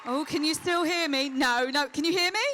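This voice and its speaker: During a convention Q&A, a celebrity guest with a high-pitched voice stands on stage with a handheld mic, trading playful, teasing jokes with the live audience. She speaks at a moderate pace over background noise from the crowd.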